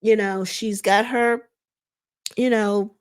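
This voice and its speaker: A woman's voice: mid-range voice, steady tone, slow, smooth. A woman hosting a casual recap of a reality TV episode. She talks in a chatty, digressive, slangy way as she retells scenes.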